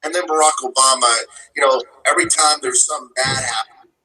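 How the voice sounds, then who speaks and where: A man's voice: medium pitch, fast talker, sharp tone, breathy edge, rough recording. A man in a rambling, profane rant, piling up angry claims and swear words.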